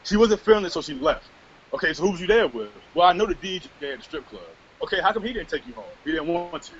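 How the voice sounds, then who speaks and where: Lively, bright-voiced man telling a profane story. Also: on the high side, fast, breathy edge. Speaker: podcast co-host. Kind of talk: casual storytelling chat. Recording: dull lo-fi podcast recording.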